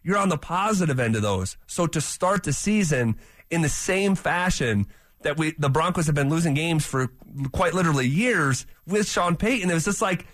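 A man co-hosting a sports radio show, talking in a lively way and teasing his co-host. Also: on the high side, normal speed, no echo. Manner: teasing, laughs along, animated. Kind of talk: casual sports talk.

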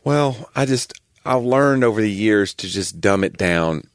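A middle-aged man chatting casually as a podcast co-host, telling stories with quick asides. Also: fairly low pitch, expressive, dry recording, clean studio sound. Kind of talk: casual chat.

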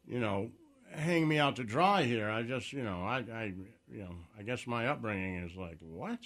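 A man's voice: medium pitch, animated, normal speed, a bit bright. A man co-hosting a casual chat, joking and acting out quoted asides. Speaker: co-host.

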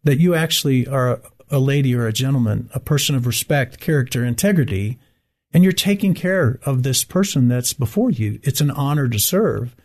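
A middle-aged man from Michigan talks as a guest in a casual interview. His voice is husky and a little breathy, at an average pitch for a man. He tells stories and acts out the people he quotes. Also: normal speed. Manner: storytelling, animated when quoting others.

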